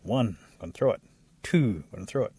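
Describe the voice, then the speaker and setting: A man voicing a boastful, tricky male rabbit in a told folk tale, loud and insistent. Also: on the low side, lively intonation, quick pace, breathy edge, no room sound. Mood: threatening. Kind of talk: oral storytelling.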